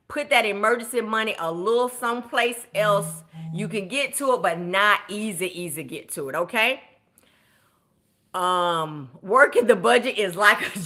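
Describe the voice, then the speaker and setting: A woman's voice: medium pitch, bright, forceful tone. A woman coaching viewers on budgeting during a live stream, chatty and encouraging, cheering people on by name as she reads their comments.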